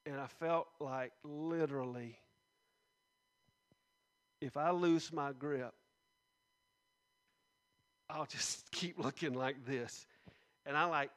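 Earnest middle-aged man telling his testimony. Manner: earnest storytelling, dropping soft and low at heavy moments. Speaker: speaker giving a personal testimony. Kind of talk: personal testimony told to a gathering.

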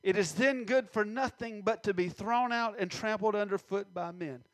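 A man preaching a sermon, reading scripture slowly and stressing words, with many questions to the congregation. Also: high voice, fairly bright tone, no echo.

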